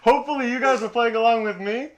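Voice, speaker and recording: A man co-hosting a casual podcast, running a movie trivia game with lively banter and frequent laughter. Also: very high voice, quick pace. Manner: animated, laughs often, calls his co-host "Twin". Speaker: podcast co-host.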